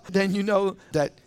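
A pastor preaching a conversational sermon in church, chuckling often and acting out little scenes. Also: male voice, high voice.

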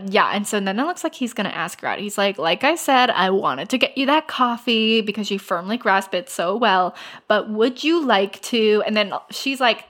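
A woman's voice: medium pitch, fairly bright tone. A woman in casual chat, animatedly retelling a story and acting out its characters' lines with laughs. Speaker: podcast co-host retelling a story.

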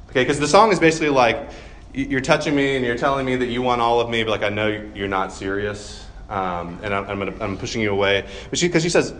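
A man's voice: mid-range voice, a little fast, fairly bright tone, slight background noise. A man in his thirties preaching a sermon in a casual, conversational way, with self-deprecating humor and plenty of ums. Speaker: pastor.

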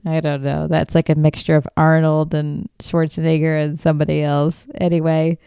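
Brief: woman comic host, smooth clear voice, close and dry mic, animated storytelling, swears freely. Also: deep voice, moderate pace, no room sound. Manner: animated, swears freely, laughs often, acts out quoted lines. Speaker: podcast host. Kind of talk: comedic storytelling monologue.

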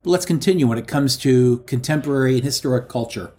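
A man delivers a sermon at an everyday middle pitch. He speaks to his listeners as friends. He repeats key lines slowly and deliberately for emphasis. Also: dark tone. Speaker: preacher.

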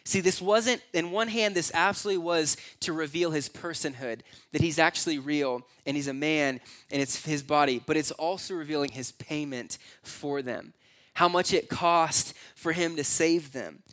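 A man preaching a sermon in a conversational, animated way, filling his talk with "like" and little acted-out quotes. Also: on the high side, normal speed. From United States. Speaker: pastor.

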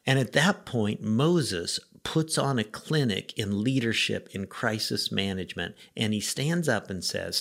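A middle-aged man, a pastor, giving a short devotional message in a conversational, gently wry way with rhetorical questions. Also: lowish voice, animated, a little slow.

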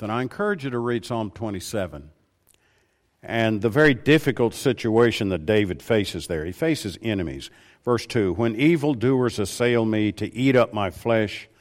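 A man preaching a sermon, slowing down and lifting his voice to stress key phrases. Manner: rises in pitch and volume for emphasis, slows on key words.

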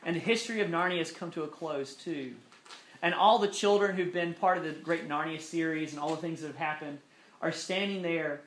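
A man preaching a sermon, earnest, with slow emphatic phrasing that drops softly into prayer. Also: a little high. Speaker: pastor. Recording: echoey room.

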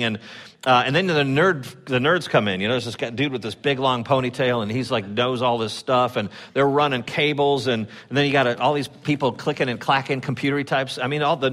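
In a church sanctuary, a medium-pitched male pastor preaches a sermon, telling stories conversationally. He acts out quoted voices with lively swings.

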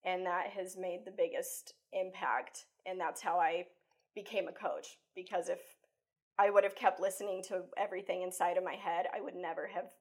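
A woman life coach talking casually as an interview guest, chatty and animated, acting out her own thoughts with lots of "like" and "you know.". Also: lowish voice, moderate pace, breathy edge. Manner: acts out her own inner thoughts while telling stories. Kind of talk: conversational interview.

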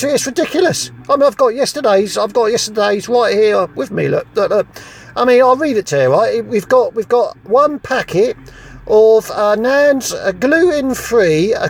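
A man playing a fed-up young male Jedi trainee in a comedic monologue, rambling and stammering with exasperation. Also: high voice.

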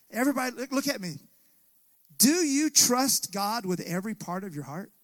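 Here a pastor delivers a sermon in a church sanctuary, calling to the congregation and inviting them to respond. His voice is high, and the recording has no room sound.

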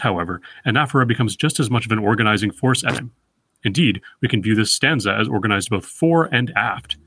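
A man hosting a poetry podcast, giving a careful, scripted close reading of a sonnet and slowing down to read verse lines aloud. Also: on the low side, pushed and bright, slightly rough, no room sound. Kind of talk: scripted poetry analysis lecture.

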